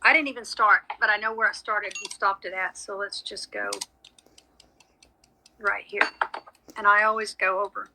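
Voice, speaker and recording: A woman's voice: medium pitch, steady tone, normal speed, pauses often, background noise. A woman giving a live psychic reading, chatty and frank with frequent apologies. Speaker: psychic medium. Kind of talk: live social media reading.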